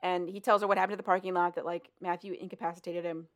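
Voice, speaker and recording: A woman on a podcast retelling a book's plot in a casual, animated way, swearing and paraphrasing the characters. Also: on the low side, quick pace. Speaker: podcast co-host. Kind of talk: casual chat recapping a book.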